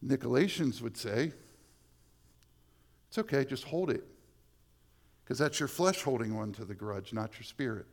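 A man preaching a sermon as pastor, swinging from hushed, slow lines to loud, emphatic ones. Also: mid-range voice, animated, creaky.

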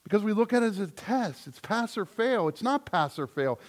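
High-voiced emphatic male pastor preaching. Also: very animated, moderate pace. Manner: emphatic preaching, swinging from loud declarations to soft asides. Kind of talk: sermon.

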